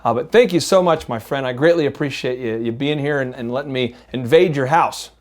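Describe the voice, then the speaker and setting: A man's voice: mid-range voice, a little fast. Grateful, stumbling male host. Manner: grateful, stumbling over words. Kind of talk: casual chat.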